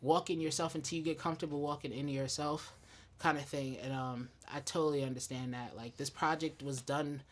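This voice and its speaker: A man's voice: on the high side, fairly even intonation, a little fast. A young man from Staten Island, New York, a musician being interviewed in a radio studio, talking candidly and reflectively, swearing freely. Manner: candid, reflective, swears freely, slips into quoted inner voices. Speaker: independent musician guest. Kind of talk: casual conversational interview.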